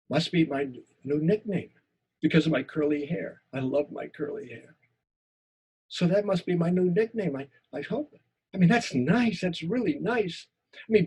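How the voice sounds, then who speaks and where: A man teaching a writing lecture who reads his own memoir story aloud, expressive and repeating words in tense moments. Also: high-pitched, husky.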